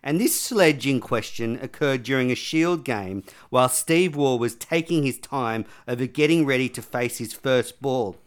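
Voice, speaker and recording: A man's voice: mid-range voice, moderate pace, hardly any pauses, clean tone. A man, hosting a podcast and reading quiz questions in a chatty, joking way. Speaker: podcast host. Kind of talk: casual chat, quiz hosting.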